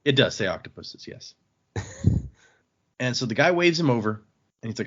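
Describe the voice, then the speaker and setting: A man's voice: medium pitch, normal speed, pauses often. Male podcast host, casual recap, easy chatty delivery, slightly muffled mic. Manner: relaxed, chatty retelling with small restarts. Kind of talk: casual book-club chat, recapping and quoting lines. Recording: slightly dull lo-fi mic audio.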